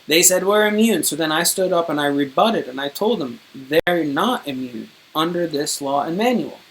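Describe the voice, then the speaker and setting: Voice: mid-range voice, animated, normal speed, a little hiss or hum. A streamer in a casual, rambling monologue to viewers, indignant and wordy, swearing now and then. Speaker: streamer recounting own court case.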